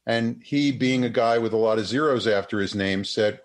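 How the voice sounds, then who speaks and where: An older man speaks at an ordinary middle pitch, telling an anecdote in an interview. He acts out the people in his story with raised voices and often restarts his sentences. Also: normal speed. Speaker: guest psychotherapist and researcher.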